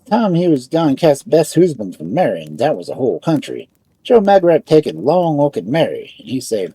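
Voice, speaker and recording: A man narrates a folk tale in broken immigrant English. His voice is husky and lively in pitch, and it is recorded dry and close with no room sound. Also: a little fast, no room sound. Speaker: storyteller.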